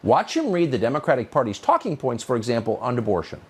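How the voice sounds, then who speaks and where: A man's voice: medium pitch, huge pitch swings, fast talker, breathy edge. A male commentator delivering a scripted monologue in a sarcastic, mocking, emphatic manner. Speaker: political commentator.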